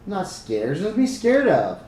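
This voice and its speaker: A man voicing an irritable little girl of about eight, in a high childish voice. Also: wildly swooping pitch, fairly quick, warm tone. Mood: snippy. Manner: snippy, high childish pitch. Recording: echoey room with noise.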